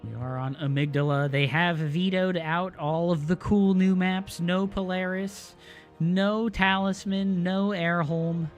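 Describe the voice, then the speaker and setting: A man's voice: sits high, steady tone, measured pace, soft background music. A man hosting a live stream and casting a strategy game, with playful, joking banter. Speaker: stream host and caster. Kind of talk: casual game commentary.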